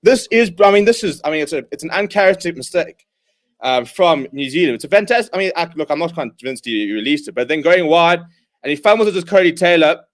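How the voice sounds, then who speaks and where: Excitable man calling a rugby watchalong. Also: a little high, quick pace. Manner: excitable, shouts at big plays, reads viewer comments. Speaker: host. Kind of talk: live watchalong commentary.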